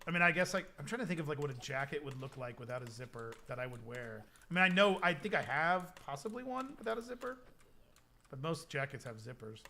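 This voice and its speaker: A man's voice: on the high side, expressive, fast talker, gravelly, bright, forceful tone, a little hiss or hum. A young man chatting casually with his stream chat, rambling with lots of fillers. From United States.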